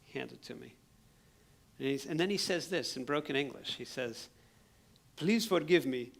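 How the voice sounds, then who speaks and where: Male missionary speaker, gravelly, mid-pitched, lively pulpit storyteller in church. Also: brisk. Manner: animated storyteller, acts out his own shouting. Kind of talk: sermon storytelling. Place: church sanctuary.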